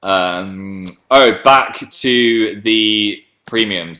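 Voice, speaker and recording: A man's voice: medium pitch, a little slow, a bit bright. A man hosting a casual livestream, reading viewer messages aloud and rambling in a chatty, self-deprecating way. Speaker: livestream host.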